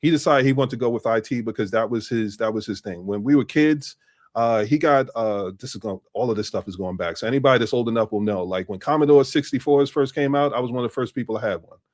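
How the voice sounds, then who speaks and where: Fast-talking man telling stories. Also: medium pitch, darkish tone. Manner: storytelling, street slang mixed with business talk, repeats phrases. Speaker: guest, business strategist. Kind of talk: casual conversational interview.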